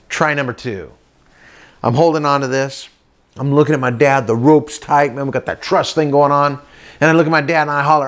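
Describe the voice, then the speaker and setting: A man doing stand-up comedy, telling a story with lively acted-out voices and sound effects. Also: a little high, fairly quick. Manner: animated, acts out voices and boat sounds.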